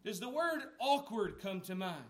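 A high-voiced man preaches in a relaxed, conversational way. He asks the listeners questions and acts out the lines of the people in the story. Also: moderate pace. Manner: conversational preaching with rhetorical questions, acting out quotes. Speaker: pastor. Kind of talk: sermon.

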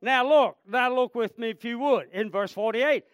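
A man's voice: very high-pitched, normal speed, clear, resonant tone, dry recording, clean studio sound. A man preaching a sermon with fervor, repeating phrases and calling out to the congregation. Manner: fervent, repetitive, calls out "Amen?" and "friend".

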